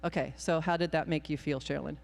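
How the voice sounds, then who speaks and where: A woman's voice: low voice, fairly even intonation, a little fast, vocal fry, darkish tone. A woman minister leading a playful children's time in a worship service, improvising and encouraging the young people. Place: church sanctuary. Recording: long hall reverb in a sanctuary.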